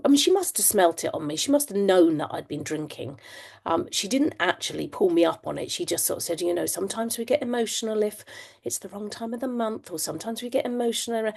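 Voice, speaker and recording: A woman's voice: fairly low pitch, vocal fry, darkish tone. A woman in her fifties from England, telling her own story as a podcast guest in a chatty way, with frequent ums and restarts. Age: 50s. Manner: chatty, laughs often, many ums and restarts. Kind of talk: candid storytelling.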